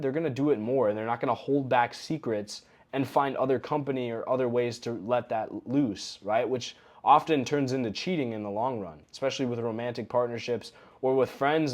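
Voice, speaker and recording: A young adult man giving a recorded coaching lesson in a relaxed, conversational way, often acting out example phrases. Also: medium pitch. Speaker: coaching course instructor.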